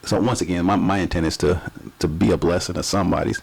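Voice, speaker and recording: Gravelly deep-voiced man hosting. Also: steady tone, darkish tone, slight background noise. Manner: rambling, halting, many restarts and fillers. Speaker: podcast host. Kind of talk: casual interview.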